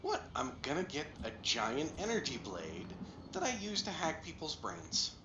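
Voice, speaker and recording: A man's voice: a little high, huge pitch swings, moderate pace, muffled recording, background noise. A man bantering playfully with his co-host while they play a strategy game. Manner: playful, jokey, stammering restarts. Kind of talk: casual gaming banter. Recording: roomy sound with game music.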